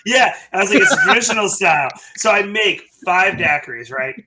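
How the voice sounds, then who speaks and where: A man's voice: sits high, expressive, fairly quick, over loud music. A man co-hosting a live stream, telling bar stories in casual chat and laughing as he goes. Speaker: bartender and co-host. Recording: live stream call audio.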